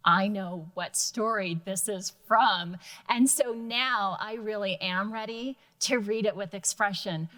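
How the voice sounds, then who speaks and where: A woman school librarian who is a guest in a children's reading lesson. She talks in a quick, chatty way with a storyteller's ease, at a mid pitch. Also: a bit bright.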